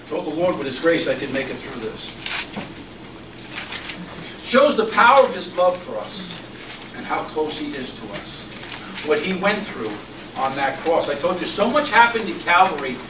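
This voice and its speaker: A man preaching with passion, his voice sitting a little high for a man. He swings from loud emphatic lines to hushed repeated ones. The recording is roomy and distant, with clear background noise. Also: big pitch swings, unhurried, long pauses. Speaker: pastor. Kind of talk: sermon. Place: church hall. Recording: echoey room recorded from far off with background noise.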